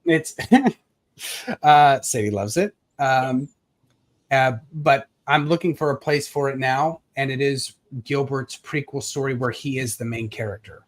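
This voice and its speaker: A man who is an author, speaking earnestly and reflectively at a live launch event over a video call, with pauses and filler words. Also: medium pitch.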